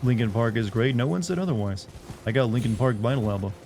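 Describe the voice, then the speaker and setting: A man's voice: medium pitch, lively intonation, quick pace, darkish tone, slight background noise. A man giving casual, rambling live commentary while streaming a video game. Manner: rambling and chatty, full of "like".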